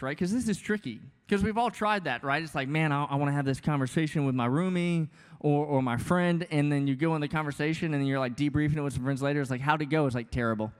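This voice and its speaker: A man's voice: on the high side, clean tone. A man in his thirties, a pastor preaching a sermon in a casual, joking, conversational way with many asides. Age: 30s. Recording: long hall reverb.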